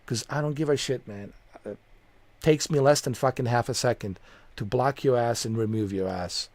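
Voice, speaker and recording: A man's voice: mid-range voice, moderate pace, a little mellow. A man streaming from home, ranting angrily and profanely at a viewer on a close desk mic. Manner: heated, profane, repetitive, confrontational. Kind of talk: angry rant at a viewer.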